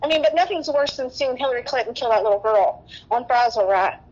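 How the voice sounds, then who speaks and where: Tearful high-voiced woman, rambling. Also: expressive, brisk, darkish tone, dull audio. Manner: rambling, breathless, many restarts. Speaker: guest nurse. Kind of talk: emotional interview talk.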